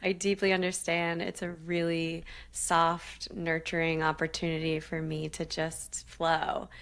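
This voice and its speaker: A woman co-hosting a podcast as a psychic medium, speaking gently about spiritual matters and laughing often. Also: deep voice, completely flat delivery, a little slow, vocal fry. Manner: soft-spoken spiritual talk with frequent laughs. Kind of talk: casual podcast chat.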